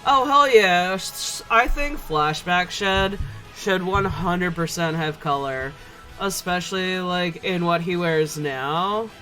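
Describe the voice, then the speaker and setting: A man chatting casually on a live stream while he paints miniatures, rambling and hesitant. His voice is high and his pace slow. Faint music plays underneath. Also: bright, forceful tone.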